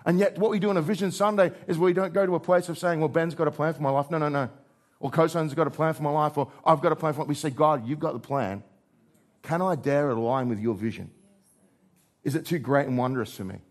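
A man preaching a sermon as pastor, moving between raised, emphatic lines and low, quiet ones. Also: fast talker.

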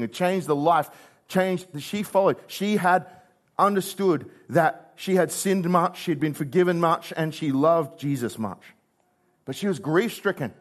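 A man preaching a sermon, reading scripture and acting out the figures' words, moving between loud and hushed. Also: fairly high pitch. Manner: expressive, acts out quoted voices, shifts from loud to hushed.

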